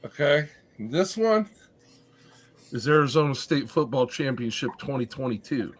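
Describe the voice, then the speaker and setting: A man who coaches high school football, talking on a podcast panel in a wry, self-deprecating way. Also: lively intonation, measured pace, soft background music. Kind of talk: casual podcast chat.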